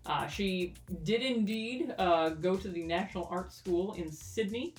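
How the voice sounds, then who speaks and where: A woman's voice: mid-range voice, unhurried, recorded from a distance, faint music behind. A woman co-hosting a casual podcast, playful and jokey, laughing often. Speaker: podcast co-host. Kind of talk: casual chat. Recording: echoey room, a bit off-mic.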